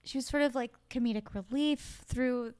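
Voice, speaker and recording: A young woman co-hosting a casual book podcast, reacting with lively enthusiasm. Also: on the high side, normal speed, clean tone, dry recording, studio quality. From Los Angeles area. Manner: animated, excitable reactions. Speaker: podcast co-host. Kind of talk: casual chat.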